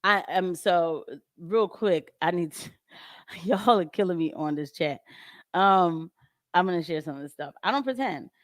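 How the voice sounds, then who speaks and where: A woman's voice: fairly low pitch, unhurried, dry recording, clean studio sound. A young adult woman hosting a casual commentary livestream, blunt and sarcastic, often laughing as she talks. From of Haitian descent. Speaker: show host.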